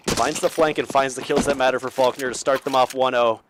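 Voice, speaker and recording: Young male caster, solo play-by-play, energetic, average pitch, loud game gunfire behind. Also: a little fast, background noise. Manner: energetic, voice climbing on big plays. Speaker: esports caster. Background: game sound effects and gunfire.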